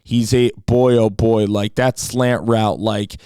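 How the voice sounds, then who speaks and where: A man's voice: lowish voice, fairly even intonation, slow, dark tone, clear, resonant tone, no echo. An enthusiastic man giving a casual football film breakdown, with frequent "like" and "you know" fillers.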